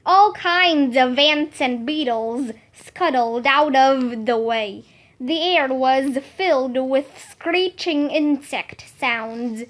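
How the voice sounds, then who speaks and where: A woman reading a children's book aloud as narrator, slow, careful and expressive. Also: high voice.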